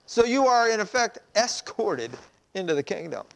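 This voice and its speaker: A man's voice: sits high, very animated, normal speed, gravelly. A man, a pastor, preaching a sermon in a conversational way, asking rhetorical questions.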